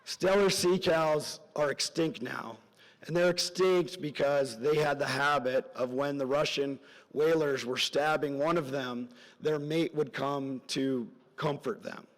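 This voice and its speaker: A middle-aged man giving a parent's graduation speech as a story, earnest and rambling, his voice dropping soft at emotional moments. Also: a little high, a little slow. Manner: earnest, rambling with side stories, voice drops soft at emotional points. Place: large hall at a graduation ceremony. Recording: long hall reverb from a large venue.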